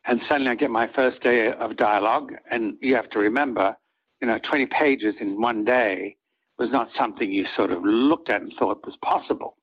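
Older guy, husky voice, rambling soap stories in an interview, kinda muffled lo-fi sound. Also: medium pitch. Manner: rambling, acts out quoted lines of others. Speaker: soap opera actor, guest. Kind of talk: anecdotal storytelling in an interview.

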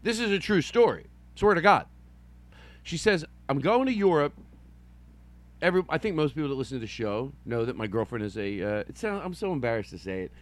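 A middle-aged male podcast host with a lively, bouncing voice that swings up and down. He rambles, makes fun of himself and drops into silly voices. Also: mid-range voice, fast talker. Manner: meandering, self-mocking, playful silly voices. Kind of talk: rambling improvised solo podcast.

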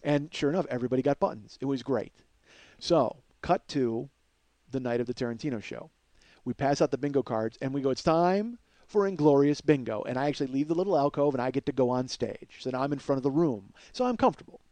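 Fast-talking animated male storyteller. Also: medium pitch, no room sound. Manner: profane, energetic storyteller. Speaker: podcast host.

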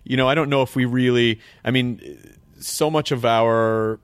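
A man's voice: mid-range voice, fairly even intonation, moderate pace, clear, resonant tone, no room sound. An American man hosting a casual interview, hesitant and jokey. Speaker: host.

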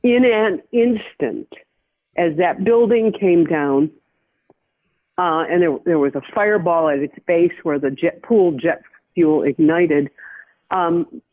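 An older woman from the American Midwest, a veteran journalist, speaks as an interview guest. She recounts events in a measured, reflective way, with frequent restarts. Her voice comes through a thin, tinny phone line. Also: on the low side. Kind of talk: personal storytelling in an interview.

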